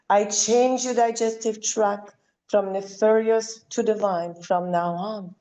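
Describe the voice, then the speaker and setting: A woman leading a live spiritual clearing session, speaking in commanding incantations and soft, coaxing asides. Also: medium pitch, steady tone, slow, rough recording.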